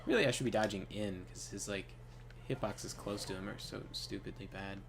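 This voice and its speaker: A man's voice: fairly low pitch, a little fast, gravelly, background noise. A man hosting a gaming video, telling a casual story while he plays, rambling with lots of fillers and frequent laughs. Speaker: gaming channel host.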